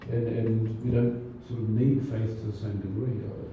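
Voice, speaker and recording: A man's voice: on the low side, little pitch movement, moderate pace, a little hiss or hum. A man preaching a sermon as pastor, talking in a conversational way with many fillers and restarts. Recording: distant, roomy, dull church recording.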